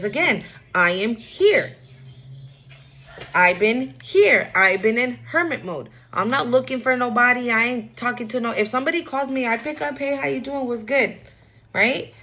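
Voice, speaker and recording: A woman's voice: a little high, bright, forceful tone, poor audio. Frank streetwise woman giving a reading. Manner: frank, repetitive, streetwise slang. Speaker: tarot reader. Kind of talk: casual spiritual reading.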